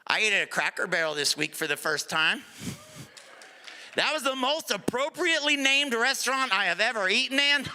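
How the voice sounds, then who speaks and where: A middle-aged male stand-up comedian performing a live set, sarcastic, sometimes dropping to a low mutter for asides. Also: animated, moderate pace, pushed and bright. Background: audience laughter.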